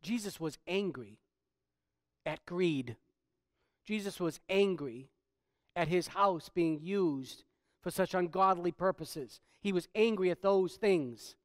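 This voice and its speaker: Man preaching an animated sermon. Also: high-pitched, slow, dry recording, studio quality. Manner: swings from quiet to loud emphatic preaching. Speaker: pastor.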